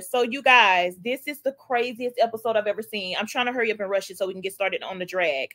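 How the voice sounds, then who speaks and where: A woman's voice: mid-range voice, quick pace, few pauses, a bit bright. A young woman hosting a casual gossip livestream, chatting animatedly and greeting viewers in the chat. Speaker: livestream host.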